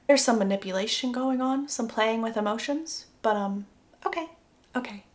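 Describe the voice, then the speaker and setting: Chatty woman recapping a book, gossipy, higher voice, echoey room. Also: normal speed. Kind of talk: casual story recap. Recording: roomy echo.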